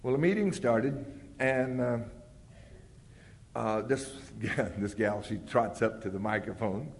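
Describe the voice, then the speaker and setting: A man's voice: mid-range voice, takes it slowly. Older man telling a rambling, humorous story. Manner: rambling and humorous, acts out quotes loudly. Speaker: speaker sharing his recovery story. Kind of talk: storytelling talk at a recovery meeting. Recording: long hall reverb.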